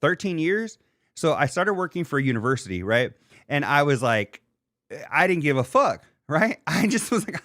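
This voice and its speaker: A man's voice: on the high side, big pitch swings, moderate pace, fairly bright tone, no echo, clean studio sound. A man in his thirties hosting a podcast, telling stories in loose, profane casual chat with frequent laughs. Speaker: podcast host.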